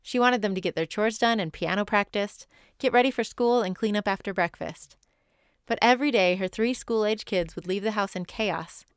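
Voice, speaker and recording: A woman in her thirties hosts a podcast, reading a script close to a dry studio mic. Her voice is smooth and clear. She tells other mothers' stories and drops in her own asides. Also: medium pitch, moderate pace, no echo. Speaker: podcast host. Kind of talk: scripted narration.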